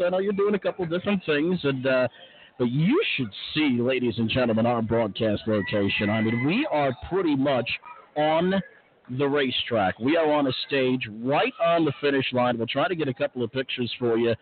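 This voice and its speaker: A man hosting a live racing podcast from a trackside stage outdoors, speaking in a hushed, casual way with many uh's. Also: mid-range voice, normal speed, crowd noise. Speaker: podcast host. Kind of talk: live racetrack broadcast chat. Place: outdoor stage on a racetrack finish line. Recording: tinny phone-like line.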